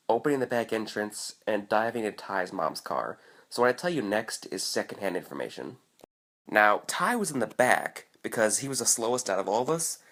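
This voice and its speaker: A man casually telling a personal story in a vlog, animated and profane, acting out what people said. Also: medium pitch. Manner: animated, profane, acts out quoted voices.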